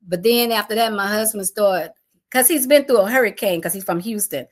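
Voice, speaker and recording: A middle-aged woman tells a personal storm story, acting out her family's voices in an animated way. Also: mid-range voice, moderate pace.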